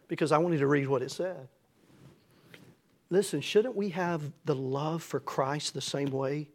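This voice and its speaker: A middle-aged man preaching a folksy, storytelling sermon that builds to emphatic passages. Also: fairly high pitch. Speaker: pastor.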